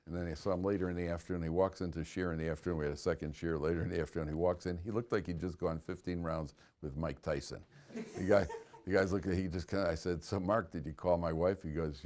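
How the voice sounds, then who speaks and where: A rabbi with a low-pitched, slightly mellow voice leads a relaxed Torah class full of stories, chuckling at his own jokes as he chats.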